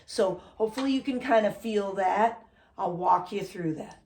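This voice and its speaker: A woman's voice: medium pitch, moderate pace, very noisy. A middle-aged woman teaching a drum lesson in a casual way, checking in with a constant "okay?" and counting beats aloud. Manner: says "okay?" after most phrases, counts beats aloud.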